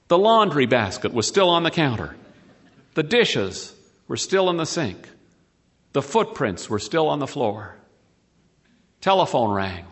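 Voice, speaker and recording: Male storyteller, high voice, dry wry reading. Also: fairly bright tone.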